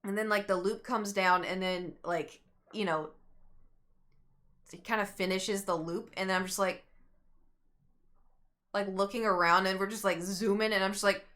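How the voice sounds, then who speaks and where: A woman's voice: medium pitch, moderate pace, long pauses. A young woman streamer telling a rambling story to her chat, acting out what people said. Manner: animated, rambling, acts out quotes.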